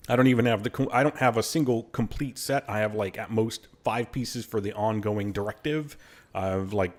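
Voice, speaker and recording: A man with a fairly low voice reads through game patch notes as casual commentary. He breaks off often for blunt, sarcastic asides, and his diction is slightly slurred. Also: moderate pace. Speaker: gaming channel host.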